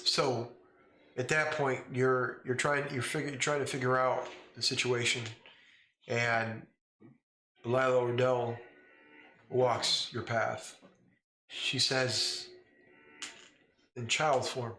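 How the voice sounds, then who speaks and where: Slow, bright-voiced man narrating a game. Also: medium pitch, flat delivery. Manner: slow, halting narration with restarts. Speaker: game master. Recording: echoey room, faint noise.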